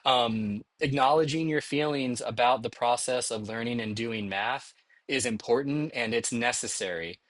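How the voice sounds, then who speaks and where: A middle-aged male math instructor talks through his course slides in a relaxed, encouraging manner, pausing now and then to ask "okay?". His voice sits at an ordinary pitch, and the recording is close and dry, with no room sound. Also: no echo. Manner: encouraging, conversational, frequent "okay?" check-ins. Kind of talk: recorded lecture narration over slides.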